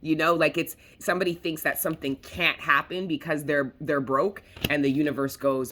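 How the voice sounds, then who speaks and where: A man's voice: on the high side, steady tone, moderate pace, hardly any pauses, pushed and bright, a little hiss or hum. A man giving a casual tarot reading, talking in a rambling, emphatic way, swearing freely and repeating himself. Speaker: tarot reader.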